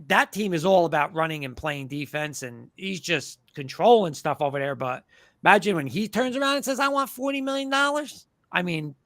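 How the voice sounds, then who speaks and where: Ranting gravel-voiced sports host, man. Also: high voice, a bit bright, no echo, studio quality. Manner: ranting, emphatic, mocking fans' views. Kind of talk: fired-up sports talk.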